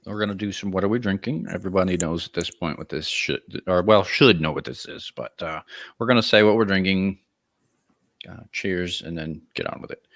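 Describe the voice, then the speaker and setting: Young guy hosting a podcast, really low voice, laid back, kinda stumbles over his words. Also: fairly bright tone. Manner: easygoing, hesitant, lots of restarts. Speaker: podcast host. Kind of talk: casual podcast chat.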